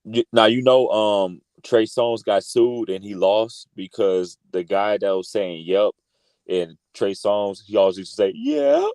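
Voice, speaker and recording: Low-voiced man, panel host, animated, swears, laughs, dry close sound. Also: unhurried, few pauses, dry recording. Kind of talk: casual panel chat.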